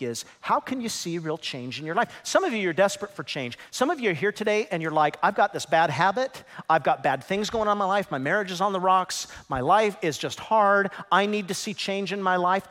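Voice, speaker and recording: A man preaching a sermon as pastor, with dramatic swings that swell into shouts. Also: high-pitched, animated, brisk, hardly any pauses. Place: church auditorium. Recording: large hall reverb.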